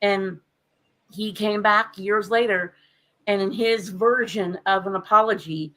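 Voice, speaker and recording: A woman's voice: mid-range voice, fairly even intonation, measured pace, fairly bright tone, poor audio. A woman on a podcast telling a candid family story in a casual, conversational way, with frequent fillers. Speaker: podcast co-host.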